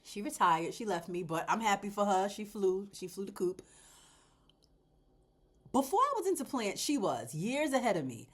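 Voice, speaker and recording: A woman's voice: mid-range voice, moderate pace. A woman hosting a casual plant vlog at home, chatting away while she repots, laughing and talking straight to her viewers. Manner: animated and talkative, laughs and addresses viewers directly. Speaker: plant vlogger, channel host.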